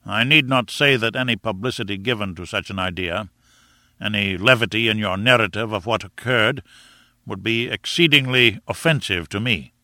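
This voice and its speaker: A man's voice: on the low side, moderate pace, pushed and bright, dry recording, studio quality. A man voicing a pompous, self-important elderly professor in an audiobook, declaiming grandly.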